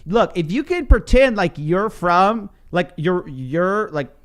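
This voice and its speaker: Sarcastic podcast guy, high voice, really animated. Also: takes it slowly. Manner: sarcastic, mock-announcer outbursts. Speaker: podcast co-host. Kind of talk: casual podcast chat.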